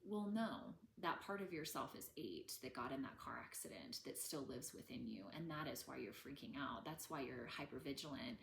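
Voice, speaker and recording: A woman in her thirties teaching about healing trauma in a gentle, conversational way, with many fillers. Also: a bass voice, animated, moderate pace, vocal fry, few pauses, reverberant, a little hiss or hum. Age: 30s. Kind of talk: casual teaching talk.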